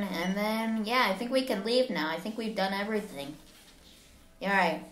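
A woman's voice: mid-range voice, unhurried. Woman gaming host, chatty and giggly, roomy recording. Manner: chatty, giggly, talks to viewers. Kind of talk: casual let's-play commentary.

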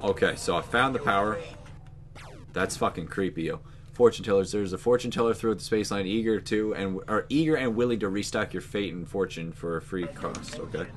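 A man hosting a gaming channel, giving let's play commentary with excitable, swearing outbursts. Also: on the low side, a little fast, faint music behind.

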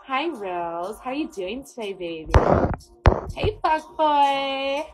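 A woman's voice: high-pitched, very animated, slow, very noisy. A woman hosting a casual livestream, greeting viewers one by one with flirty, affectionate pet names. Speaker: livestream host. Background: music playing.

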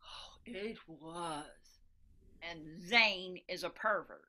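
An actress playing a fussy, theatrical cook who puts on a Southern drawl and speaks in a languid, melodramatic way. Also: female voice, lowish voice, takes it slowly, pushed and bright. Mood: put-upon.

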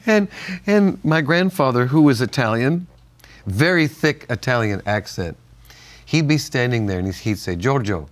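An older man co-hosts a relaxed Bible-teaching conversation. He tells family stories and laughs often, and his voice swings widely in pitch as he talks. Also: measured pace. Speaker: co-host. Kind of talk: casual Bible-teaching chat.

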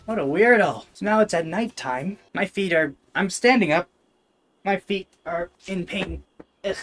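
A woman's voice: lowish voice, normal speed. A woman streaming a VR game, casually commentating in a bossy, exasperated way, close to a desk microphone at home. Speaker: VTuber streamer. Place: home room, playing standing in VR.

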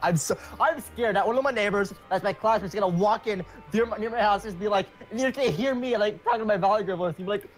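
A woman's voice: mid-range voice, fast talker, few pauses, soft background music. A teenage girl joins a let's play over voice chat, making goofy jokes and exaggerated remarks. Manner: goofy, joking. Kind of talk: casual chat while playing a game.

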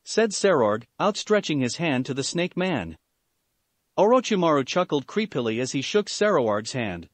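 Animated man reading fan fiction. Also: on the high side, moderate pace, dry recording. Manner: animated, slightly stumbling reading. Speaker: story reader.

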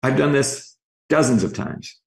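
A man's voice: medium pitch, unhurried, vocal fry. A man working as an executive coach, telling stories in a podcast interview and acting out the dialogue in them. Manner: lively anecdotes, re-enacting dialogue in quotes.

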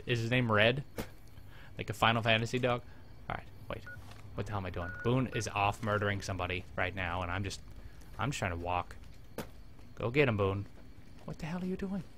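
A man casually commenting on his video game as he plays, rambling and joking, talking to his companion and breaking into sudden excited yelps. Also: fairly low pitch, brisk, long pauses, slight background noise. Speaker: gameplay commentator. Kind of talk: casual let's-play commentary.

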